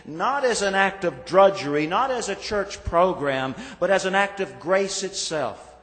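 A male pastor preaching a sermon, slow and measured, stressing lists of words with falling endings. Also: high voice, lively intonation, fairly bright tone. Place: church sanctuary. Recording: reverberant church sanctuary.

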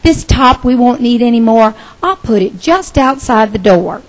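A woman's voice: a little high, lively intonation, moderate pace, in a large hall, close to an everyday voice. A woman voicing a drowsy, practical mother bear in a Christmas picture book, mild and sleepy.

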